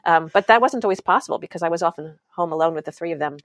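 A woman's voice: on the low side, rapid-fire, no echo, clean studio sound. A woman, a parenting book author and mother of three, telling candid stories as an interview guest. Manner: candid, laughs through stories.

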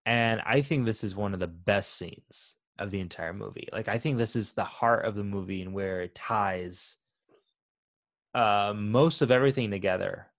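A man's voice: on the low side, moderate pace, dry recording, studio quality. A man co-hosting a casual podcast, enthusiastic as he retells favorite scenes. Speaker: podcast co-host. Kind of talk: casual film discussion.

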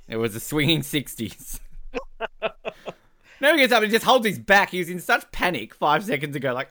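A man co-hosts a casual podcast and jokes his way through a film commentary. His voice is bright and forward, and his pitch swings freely up and down. He laughs often as he talks. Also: normal speed, pauses often. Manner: joking, animated, laughs often. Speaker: podcast co-host.

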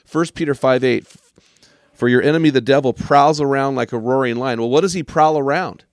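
A man's voice: medium pitch, brisk, dry recording, studio quality. A man hosting a podcast interview, enthusiastic and emphatic on key words. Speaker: podcast host. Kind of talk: casual interview chat.

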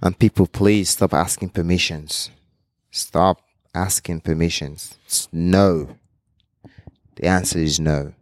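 A man's voice: sits low, slow, no room sound, clean studio sound. A man chatting as a podcast guest, telling a story animatedly with frequent laughter. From not from Australia. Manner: animated, laughs often, many restarts. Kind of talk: casual chat, storytelling.

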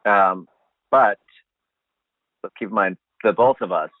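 A man telling a funny story in a casual chat, animated and swearing, acting out what he said at the time. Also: fairly low pitch, takes it slowly, no echo. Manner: animated, swearing, acts out his own quotes. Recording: dry, phone-like sound.

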